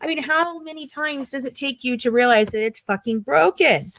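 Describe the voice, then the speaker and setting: A woman's voice: high voice, moderate pace, a bit bright, slight background noise. Exasperated rambling woman host. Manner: rambling, exasperated, many restarts. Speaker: podcast co-host. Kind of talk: casual live-stream chat.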